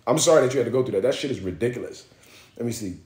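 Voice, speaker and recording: A young man from Miami talks straight into his phone on a livestream, blunt and full of swearing, his pitch sitting right in the middle. His voice bounces around a roomy, echoing space. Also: rapid-fire. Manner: blunt, profane, animated storyteller. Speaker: livestream host. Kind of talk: casual livestream storytelling. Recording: roomy echo.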